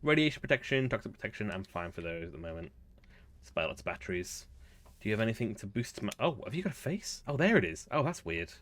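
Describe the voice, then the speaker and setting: A chatty man with a lowish voice talks through his game as he plays. He thinks aloud in a relaxed, amused way. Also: fast talker, slight background noise. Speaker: gaming video host. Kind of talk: relaxed gameplay commentary.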